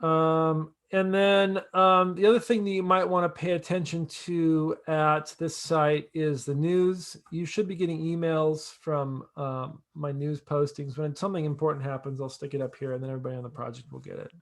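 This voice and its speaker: A man walks a project team through a shared screen. His voice sits a bit high for a man, and he keeps stopping to restart his sentences, with ums and uhs all through. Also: fairly even intonation. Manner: halting, many fillers and restarts, chuckles at asides. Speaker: project lead. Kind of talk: casual screen-share walkthrough.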